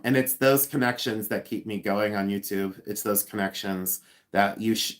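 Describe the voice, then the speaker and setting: A man hosting a casual live stream, chatty and rambling, laughing often and joking with sarcasm. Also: fairly low pitch. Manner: sarcastic humor.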